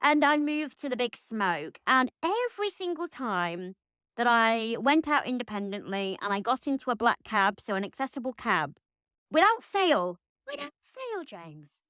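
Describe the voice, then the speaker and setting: A woman's voice: fairly high pitch, sing-song, moderate pace, fairly bright tone, clean tone, dry recording, studio quality. Chatty woman host. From Lancashire, England. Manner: chatty and jokey, with playful asides. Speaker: podcast host. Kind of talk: relaxed podcast chat.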